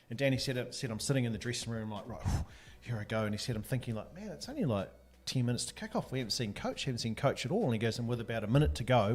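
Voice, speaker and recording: A man, a podcast co-host telling a lively yarn. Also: mid-range voice, quick pace. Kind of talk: animated storytelling.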